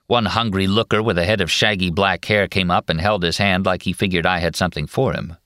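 A man narrating a novel in a steady, measured first-person telling. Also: sits low, dry recording, clean studio sound. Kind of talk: audiobook narration.

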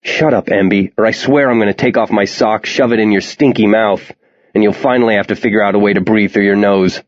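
Tough defiant teen, read by a man, low, blunt, impatient, dull audio. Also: steady tone, brisk, no echo, natural voice. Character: tough defiant teenage boy.

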